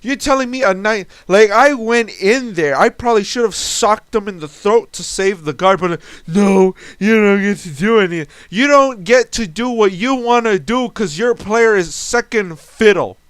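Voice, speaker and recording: A young man with a high, smooth, resonant voice rants in exasperation about a tabletop game, swearing and restarting his sentences. He speaks slowly and deliberately, recorded dry and close at home. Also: lively intonation, a bit bright, no room sound. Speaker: storyteller recounting a tabletop game. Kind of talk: ranting storytelling monologue.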